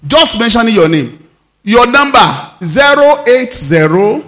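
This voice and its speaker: A pastor delivers a sermon in a high voice. His pitch swoops widely, and he swings between shouts and low, emphatic lines. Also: measured pace. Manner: animated preaching, sudden shouts and drops to low emphatic tones.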